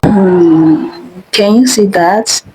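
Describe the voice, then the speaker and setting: A woman's voice: mid-range voice, extremely slow, noisy background. A young woman hosting a screen-recorded tutorial, chatty and instructive, often repeating herself. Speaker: tutorial host.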